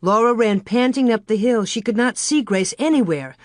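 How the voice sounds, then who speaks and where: A woman reading an audiobook in a measured, expressive way. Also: fairly high pitch, no echo, clean studio sound. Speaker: audiobook narrator. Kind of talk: scripted narration.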